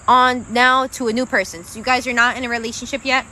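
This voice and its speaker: Young woman doing tarot on a livestream, high bright voice, chatty n swears a lot, bit of hiss behind. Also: fairly even intonation, fast talker. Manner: chatty, swears casually, addresses viewers as guys and babe. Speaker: tarot reader. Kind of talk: live-stream tarot reading.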